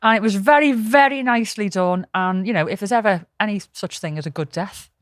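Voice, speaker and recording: A woman's voice: medium pitch, fairly quick, no echo. A woman with a Liverpool accent co-hosting a podcast, chatting in a blunt, sweary, self-mocking way. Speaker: podcast co-host. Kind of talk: casual chat.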